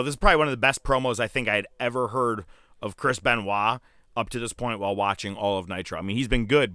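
A man talks in a casual back-and-forth, his voice bright and resonant, the recording close and dry. He gets excited fast, swears freely and laughs often. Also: on the low side, clear, resonant tone, dry recording. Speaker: podcast co-host. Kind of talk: casual chat.

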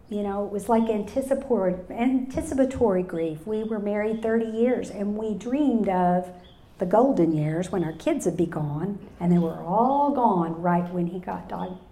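A woman's voice: mid-range voice, dark tone. A woman in her fifties giving an earnest personal testimony at a women's luncheon, speaking straight to the audience. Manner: earnest, storytelling, addresses audience directly. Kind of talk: live personal testimony talk. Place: large hall with live audience. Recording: roomy echo in a hall.

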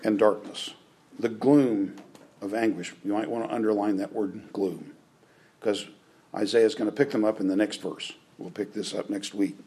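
A man's voice: lowish voice, steady tone, moderate pace, dark tone, husky, rough recording. A man preaching a conversational sermon, often checking in with his listeners. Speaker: pastor.

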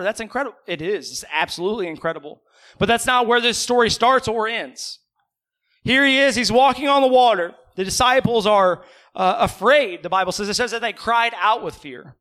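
A man preaching in a church, with a high, bright and forceful voice. He talks to his congregation in a loose, conversational way, asking them questions and dropping in playful asides between Bible passages. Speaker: pastor. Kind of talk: sermon.

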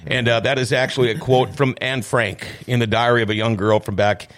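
A man's voice: medium pitch, steady tone, brisk, fairly bright tone. A man hosting a talk show in a small studio, chatting through the news with opinions and plenty of filler words. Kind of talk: casual news commentary.

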